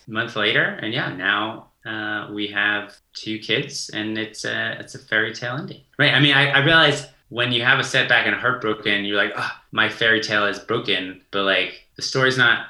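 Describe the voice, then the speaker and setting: A man in his thirties talks in a bright, forceful voice, animated as he tells stories and slips into the voices of people he quotes. The room around him has a roomy echo. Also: lowish voice, normal speed, few pauses. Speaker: guest. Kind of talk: casual conversation, storytelling.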